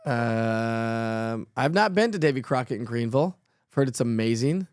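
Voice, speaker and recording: A man's voice: mid-range voice, animated, moderate pace, smooth, no echo, studio quality. A middle-aged man, hosting a live weather stream and answering viewers' chat in a chatty way, with many fillers. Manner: chatty, reads viewer comments aloud and answers them; frequent fillers and laughs. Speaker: weather show host.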